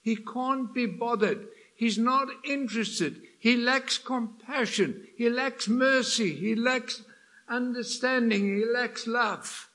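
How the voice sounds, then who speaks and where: An older man preaching a sermon in a church, swinging between hushed passages and loud, passionate emphasis. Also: very high-pitched, slow pace.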